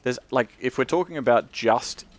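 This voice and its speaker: A man's voice: medium pitch, normal speed. A man chatting casually on his game stream, sweary and talkative. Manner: chatty, sweary, talks about accents.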